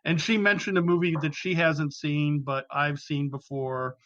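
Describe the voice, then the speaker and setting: A man talks through his take on a film in a halting way, stopping and restarting often, with a dry critical edge. His voice sits a little high, and the recording is dull and lo-fi. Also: level tone, fairly bright tone, dry recording. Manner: hesitant, many restarts and fillers, dry critical. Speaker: podcast panelist. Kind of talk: casual film discussion.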